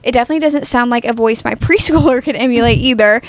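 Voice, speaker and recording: Fast-talking young woman with a gravelly voice. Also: on the high side, slight background noise. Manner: rambling, lots of "like" fillers. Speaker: podcast co-host. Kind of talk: casual chat, reading a story aloud.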